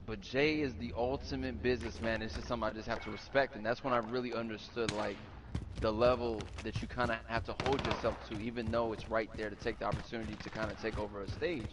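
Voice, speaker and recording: A man in casual chat, telling a backstage story with animated, rising energy. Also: on the low side, fast talker. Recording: loud game noise behind.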